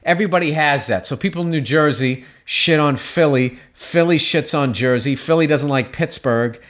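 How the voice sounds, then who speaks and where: A man, a comedian guest, telling a story in casual chat, profane and animated, acting out shouted quotes. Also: a little high, moderate pace.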